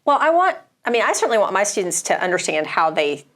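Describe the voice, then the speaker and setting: A woman from the American South, an English professor, talking in a relaxed discussion with many fillers and restarts. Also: mid-range voice, quick pace. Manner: thoughtful, hesitant with fillers and restarts. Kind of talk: casual discussion.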